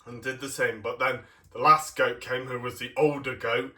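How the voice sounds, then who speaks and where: A man's voice: medium pitch, moderate pace, bright, forceful tone. A young man giving a casual review of a toy set, rambling and hesitant with many ums.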